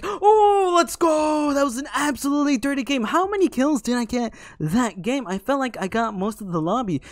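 A young man giving excitable, jokey live commentary over a game, teasing the players he fights. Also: very high voice, no room sound, studio quality. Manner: excitable, jokey, talks to opponents. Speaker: gaming YouTuber.

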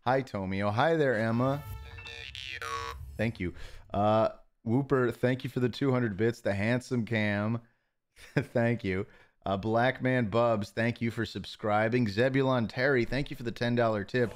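A man's voice: mid-range voice, unhurried. A male streamer in his home office, reading out chat messages and thanking viewers in a casual, stammering, self-mocking way.

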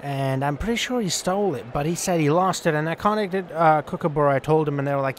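A young man talks over his game in a rambling, offhand way, swearing casually as he goes. His voice sits a little high for a man, with a faint hiss of noise behind it. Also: quick pace, few pauses. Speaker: gaming channel host. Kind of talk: casual gameplay commentary.

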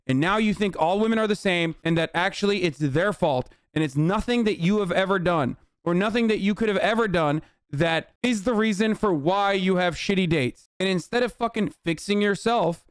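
A man's voice: high voice, moderate pace, clear, resonant tone, no echo, studio quality. A young man streamer reacting to clips, talking bluntly and profanely in a ranting commentary. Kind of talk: casual commentary.

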